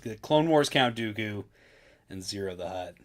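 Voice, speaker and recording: A man's voice: lowish voice, expressive, normal speed. Laid-back chatty male streamer. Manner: laid-back, chatty, full of fillers like "dude". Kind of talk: casual live-stream chat.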